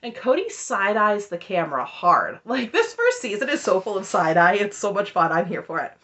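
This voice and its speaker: A woman's voice: mid-range voice, big pitch swings, normal speed, sharp tone. A woman recapping a reality show in casual commentary, sarcastic and exasperated. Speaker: recap vlogger.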